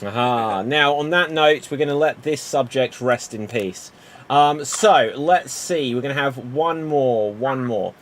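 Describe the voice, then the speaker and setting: A man hosts a live improv comedy game, brisk and upbeat as he calls on one player after the next. His voice sits mid-range. A faint hiss of background noise runs under the recording. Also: medium pitch. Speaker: improv show host.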